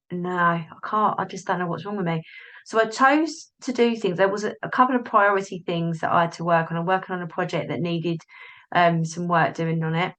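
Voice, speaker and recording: A woman's voice: on the low side, a bit bright, poor audio. Chatty woman hosting a solo podcast. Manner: chatty, self-interrupting, acts out inner voices. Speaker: podcast host, business coach. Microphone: device's built-in mic, not the plugged-in one.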